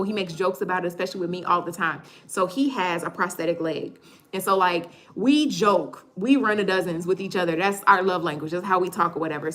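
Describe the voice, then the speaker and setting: A young woman, hosting a casual livestream chat, joking, animated, often stammering and repeating herself. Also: lowish voice. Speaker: livestream host.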